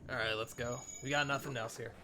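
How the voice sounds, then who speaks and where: A man's voice: mid-range voice, steady tone, fast, pushed and bright, faint music behind. A man voicing a blunt male mercenary enforcer in a tabletop game, speaking curtly. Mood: gruff.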